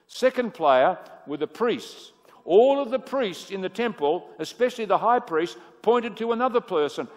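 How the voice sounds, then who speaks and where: A man preaching a sermon. He swings from booming emphasis to hushed asides and asks the audience questions. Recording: echoey hall with long reverb.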